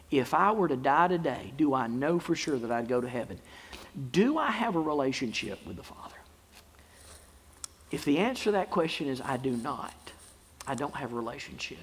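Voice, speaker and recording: A male pastor preaching a sermon, building to emphatic bursts and easing into a soft, prayerful close. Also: mid-range voice, husky. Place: church sanctuary. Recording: long hall reverb.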